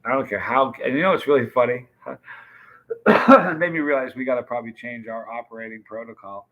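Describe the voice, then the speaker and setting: A man's voice: medium pitch, a little fast, narrow, tinny audio. A man hosting a live stream, chatting casually and greeting viewers by name as he reads their comments. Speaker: livestream host.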